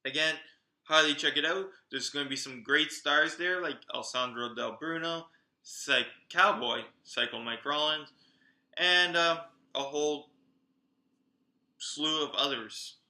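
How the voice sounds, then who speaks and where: Bright, excitable male wrestling vlogger. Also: on the high side, a little slow, reverberant. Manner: chatty, excitable, talks straight to viewers. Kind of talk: casual event roundup.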